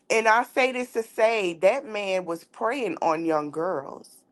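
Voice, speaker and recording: A woman's voice: mid-range voice, takes it slowly. A woman hosts a casual podcast. Her delivery is candid and outspoken. She acts out each side of a conversation as she tells a story. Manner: outspoken, animated storyteller acting out dialogue. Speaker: podcast host.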